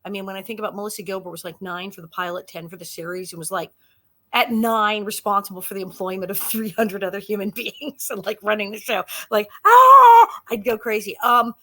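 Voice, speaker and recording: A woman in her sixties with a bright, forward voice spins lively stories as a podcast guest. She laughs often and keeps a relaxed, casual chat going. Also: medium pitch, a little fast. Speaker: guest actress. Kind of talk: casual interview storytelling.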